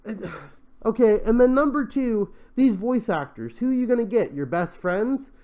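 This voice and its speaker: A young male host with a fairly high voice that leaps all over the place. He rants in a casual, sarcastic, exasperated way, sighing and stumbling over restarts as he tears into what he is reading. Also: animated, normal speed, dark tone. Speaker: show host. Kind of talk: commentary on crowdfunding pitches.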